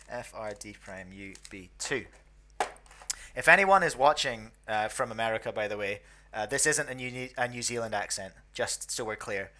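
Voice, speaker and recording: A man's voice: fairly low pitch, lively intonation, measured pace, pushed and bright, a little hiss or hum. A young Scottish man from the northeast, chatty and self-deprecating, hosting and commentating on a casual online match. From northeast Scotland. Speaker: host.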